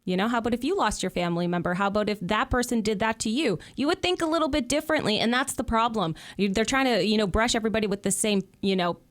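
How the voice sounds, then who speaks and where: Canadian woman on a talk show, upset and blunt, kinda high voice. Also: quick pace, hardly any pauses. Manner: indignant, emotional and outspoken. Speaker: guest commentator.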